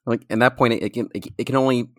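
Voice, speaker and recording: A man's voice: mid-range voice, fairly even intonation, rapid-fire, no echo, clean studio sound. A man on a casual podcast, rambling with lots of "like" and restarts, sometimes jumping into jokey voices. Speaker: podcast co-host or guest. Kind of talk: casual chat.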